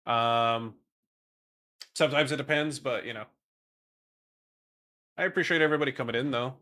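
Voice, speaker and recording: A young man from the Netherlands, speaking with a Dutch accent, chats casually on a stream. His medium-pitched voice has a sharp tone at normal speed. He rambles, swears casually and reads chat aloud.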